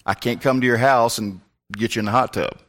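Bright-voiced pastor telling a story. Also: male voice, mid-range voice, a little fast. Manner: animated storytelling with comic asides. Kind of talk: sermon.

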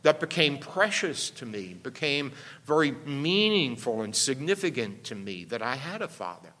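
A man's voice: medium pitch, sing-song, moderate pace, sharp tone. A man pastor delivering a teaching sermon, explaining step by step and often checking in with "all right?". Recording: long hall reverb.

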